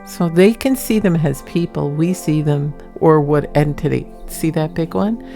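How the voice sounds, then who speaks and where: Casual vlog narrator: a woman with a low voice and a gravelly edge, talking loosely over music. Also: measured pace, mellow. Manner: chatty, rambling, laughs often. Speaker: paranormal vlogger narrating her footage.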